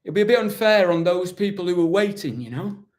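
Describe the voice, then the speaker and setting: A man's voice: high voice, expressive, fairly quick, darkish tone. A man doing an impression of a proud, weary warrior-captain, talking in a rambling, self-justifying, dryly mock-solemn way during a live question session. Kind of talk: live-stream in-character Q&A.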